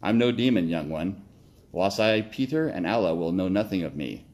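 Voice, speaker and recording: A man voicing a tall, calm male blood-drinking creature warrior who speaks with a heavy accent, in a story read aloud. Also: sits low, normal speed. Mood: calm menacing.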